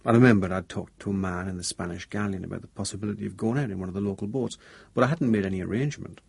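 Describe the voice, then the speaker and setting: A man narrating a thriller audiobook in first person, measured and low-key with a tense undertone. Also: gravelly, darkish tone, husky, no echo.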